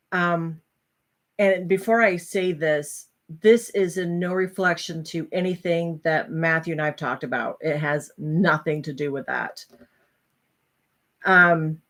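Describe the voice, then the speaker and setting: Woman vlogger, lowish voice, earnest and halting; candid personal talk. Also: a bit bright. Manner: earnest, halting, with frequent pauses. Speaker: vlogger sharing a personal story.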